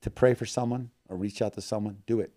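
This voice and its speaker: Earnest man with a dark voice. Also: on the low side, steady tone, fast talker. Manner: earnest, emotional, swings between loud and hushed. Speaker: missionary guest. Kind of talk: heartfelt storytelling and prayer.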